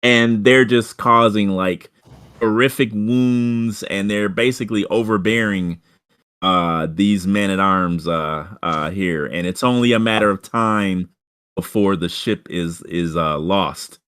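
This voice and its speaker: A man narrating a tabletop game as game master, halting, with many fillers and restarts. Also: lowish voice, a bit bright, clean tone.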